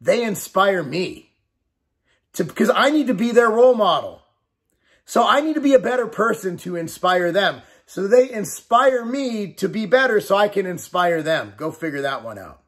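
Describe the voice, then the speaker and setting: A man's voice: high voice, very animated, normal speed, fairly bright tone. A man in his forties talking straight to camera in a casual vlog, blunt and emphatic, swearing and repeating his points. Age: 40s. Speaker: fitness company owner and bodybuilder.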